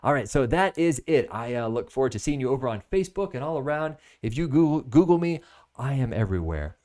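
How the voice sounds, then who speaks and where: An American man in his thirties hosting a live product-review stream, jokey and animated, jumping between loud bursts and soft asides. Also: medium pitch, fast. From United States. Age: 30s.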